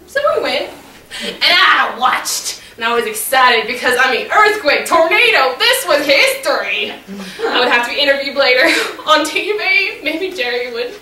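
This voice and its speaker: A woman storyteller telling a tale in character, playful and animated, teasing her audience, recorded from afar in an echoey room. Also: high-pitched, moderate pace. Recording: echoey room, distant mic, faint noise.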